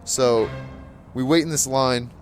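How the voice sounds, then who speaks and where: A man's voice: medium pitch, fairly even intonation, takes it slowly, music in the background. A man casually telling a rambling story with frequent chuckles and fillers, as a gaming channel host. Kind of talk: casual storytelling over gameplay.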